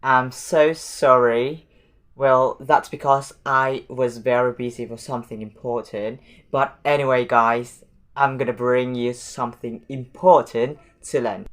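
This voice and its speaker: A man's voice: medium pitch, steady tone, fairly bright tone, faint music behind. A man teaching a language lesson, carefully sounding out words syllable by syllable. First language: Indonesian. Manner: slow, careful syllable-by-syllable pronunciation.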